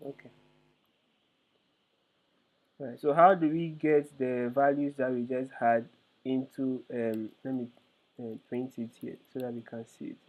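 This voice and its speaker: With a mid-range, darkish voice and fairly even intonation, a male instructor explains code step by step at a measured pace, leaving long pauses. He's hesitant with frequent fillers in this live online lesson, and the call audio is tinny, like a phone.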